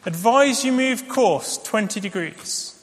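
A man's voice: sits high, lively intonation, slow, exaggerated voice. A man playing a proud, irate male battleship captain who gives curt commands, in a sermon anecdote. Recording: long hall reverb.

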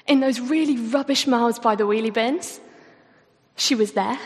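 A young woman giving a church talk with personal stories, earnest, chatty and self-deprecating. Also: fairly high pitch. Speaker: youth speaker. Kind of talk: sermon talk with storytelling. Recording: reverberant hall.

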